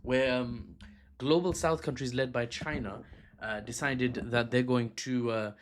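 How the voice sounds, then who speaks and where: A man giving casual news commentary on politics, joking around and breaking off into silly asides and quick apologies. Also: mid-range voice, fairly even intonation, a little hiss or hum. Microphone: handheld or desk mic.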